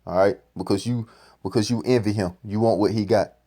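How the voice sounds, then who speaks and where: A man's voice: fairly low pitch, fairly even intonation, a little fast, warm tone. Profane ranting male preacher. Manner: ranting, profane, repeats "man". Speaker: street-style preacher commenting on a clip. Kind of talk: profane scripture commentary.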